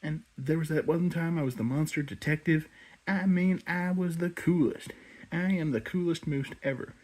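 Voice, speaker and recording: A man voicing a laid-back male moose toy who brags in a mellow drawl. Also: fairly high pitch, normal speed, lightly acted. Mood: boastful.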